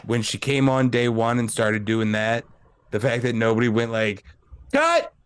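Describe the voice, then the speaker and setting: A man's voice: mid-range voice, little pitch movement, normal speed, smooth. A man co-hosting a casual movie review chat, blunt and joking, swearing freely. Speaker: podcast co-host.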